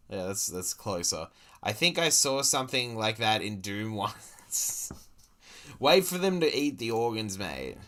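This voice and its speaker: An Australian man rants through a video he is watching, cursing and sounding disbelieving the whole way. His pitch sits in an everyday middle range. Faint music plays quietly behind him. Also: big pitch swings, a little slow. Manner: exasperated, sweary, incredulous. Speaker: streamer reacting to a video. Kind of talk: profane running commentary.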